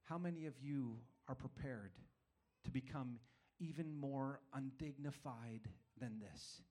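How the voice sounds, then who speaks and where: A man's voice: mid-range voice, measured pace, dark tone. A man preaching a sermon, telling a personal story in a self-deprecating way, with frequent restarts. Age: adult father of young children.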